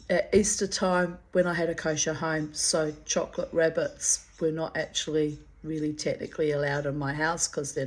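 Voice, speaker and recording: A middle-aged woman reading her own memoir aloud, fond and reminiscent, with digressive asides and laughter. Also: low voice. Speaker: memoir reader.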